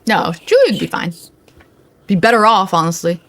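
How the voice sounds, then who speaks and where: A woman's voice: mid-range voice, very animated, normal speed. A young woman hosting a reaction channel, commenting in a sarcastic, mocking way. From Arab.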